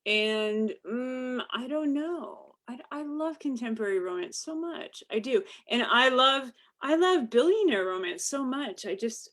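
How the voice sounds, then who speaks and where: A woman's voice: high voice, unhurried, hardly any pauses. A woman romance author chatting casually, telling stories with lots of laughter and mock outrage. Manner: animated storyteller, laughs often, mock outrage. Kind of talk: casual chat.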